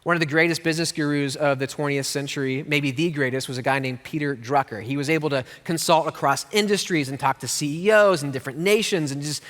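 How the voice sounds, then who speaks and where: A middle-aged pastor preaches a sermon in a fairly high voice, talking fast with hardly any pauses. He is an animated storyteller, weaving in jokes and playful put-on voices. He's in a church hall, and the recording carries a long hall reverb.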